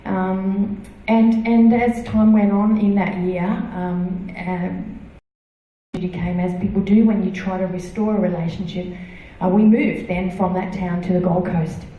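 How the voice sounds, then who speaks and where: A middle-aged woman giving a personal testimony in church, halting, with many fillers and restarts. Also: medium pitch, steady tone, phone-quality sound. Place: church hall. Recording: echoey hall, voice from far off.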